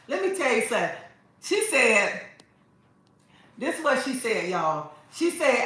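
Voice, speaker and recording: A woman's voice: fairly high pitch, big pitch swings, measured pace, pauses often, fairly bright tone. A woman host chatting casually on a livestream, sassy and preachy, calling her viewers honey. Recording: echoey room, mic at a distance.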